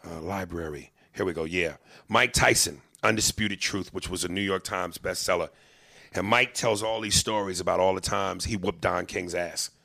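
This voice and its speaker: Low gravelly man, forceful, dry close mic, animated and profane, stammering casual chat. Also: normal speed, no echo. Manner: animated, profane, stammering restarts, quotes lines in character. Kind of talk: casual chat about movies.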